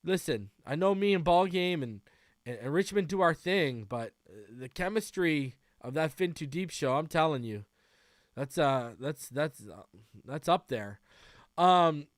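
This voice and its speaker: Male podcast host, casual livestream chat, fairly high and smooth voice, talkative, lots of fillers. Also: a bit bright, dry recording, clean studio sound. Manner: loose and chatty, greets viewers by name; frequent fillers and restarts.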